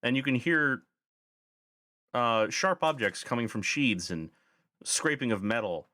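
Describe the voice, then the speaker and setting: A man's voice: mid-range voice, expressive, unhurried, sharp tone, no room sound, studio quality. A man narrating a tabletop game as game master, describing scenes with frequent fillers.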